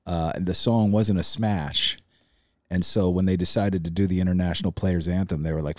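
A man hosting a podcast, chatting casually and excitedly, rambling and swearing freely. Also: deep voice, moderate pace. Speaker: podcast host. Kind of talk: casual chat about hip hop.

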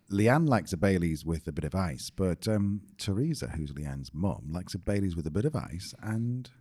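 A man's voice: low-pitched, very animated, moderate pace, darkish tone. A man co-hosting a casual podcast, making dry, joking asides. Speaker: podcast co-host. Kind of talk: casual chat.

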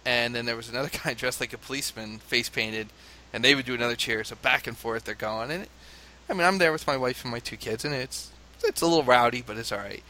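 An animated man from the United States tells a story with a bright, forceful voice. He laughs often and mimics crowd chants. A faint hiss sits under the recording. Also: mid-range voice, quick pace, hardly any pauses. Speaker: father telling a story. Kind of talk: casual conversation, anecdote.

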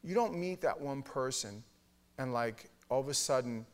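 A man in his fifties from New York preaches in a chatty, rambling storytelling style, full of restarts. His voice sits in an ordinary middle register and climbs into loud, shouted punchlines at the peaks of his stories. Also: mid-range voice, animated, normal speed. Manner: conversational, frequent restarts and fillers. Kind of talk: storytelling sermon.

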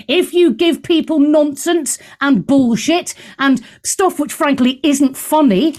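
A woman runs a radio talk show with a blunt, straight-talking delivery. Her voice sits a little high and she keeps the chat opinionated and animated, speaking from a studio. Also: slow pace, few pauses.

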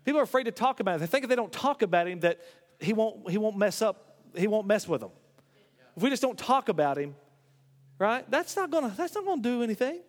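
A man's voice: high voice, sing-song, fast, in a large hall. A man preaching a sermon, telling stories with emphatic stammered restarts. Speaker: pastor.

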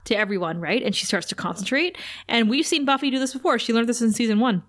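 A woman co-hosting a casual podcast, briskly retelling a TV episode scene by scene, quoting the characters and laughing often. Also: fairly high pitch, lively intonation, fairly bright tone. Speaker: podcast co-host recapping a TV episode. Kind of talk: casual chat, animated episode recap.

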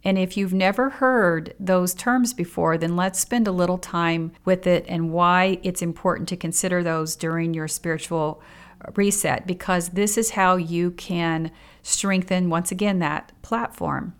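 A woman's voice: on the low side, fairly even intonation, measured pace, clear, resonant tone. A woman hosting a solo podcast on personal growth from a home studio in a basement spare bedroom, speaking reflectively and asking the listener questions. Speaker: podcast host.

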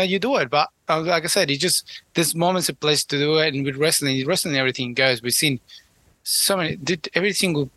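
A man co-hosting a casual wrestling podcast, talking loosely and laughing, with some swearing. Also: fairly high pitch. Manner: animated, laughing, loose profane talk. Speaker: podcast co-host. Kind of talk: casual chat, wrestling review.

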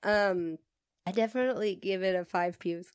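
Animated, foul-mouthed woman co-host. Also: mid-range voice, normal speed, clean tone, no room sound. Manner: animated, swears freely, tangents and laughter. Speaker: podcast co-host. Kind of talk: casual chat.

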